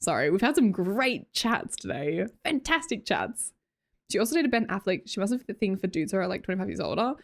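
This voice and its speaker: On a livestream, a young Australian woman hosts with a mid-range, sing-song voice, talking briskly and casually. She keeps up an easy, chatty running commentary, reads viewer comments aloud and laughs often.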